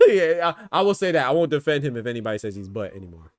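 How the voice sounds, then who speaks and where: A man's voice: mid-range voice, very animated, quick pace, darkish tone, no room sound. Laid-back man chatting boxing live. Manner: loose, chatty, talks to the chat with slang. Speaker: boxing podcast host. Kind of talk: casual live fight commentary chat.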